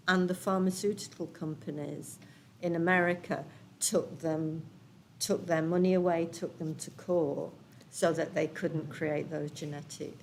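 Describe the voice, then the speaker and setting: A woman's voice: on the low side, a little hiss or hum. A woman on a panel speaking critically and passionately, with hesitant restarts. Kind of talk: discussion.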